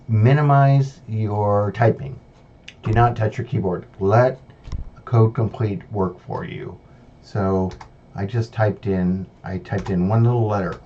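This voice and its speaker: A man with a mellow, fairly low-pitched voice explains code one step at a time during a screen-recorded lesson, musing aloud amid fillers and false starts. There's a faint hiss on the slightly dull, lo-fi recording.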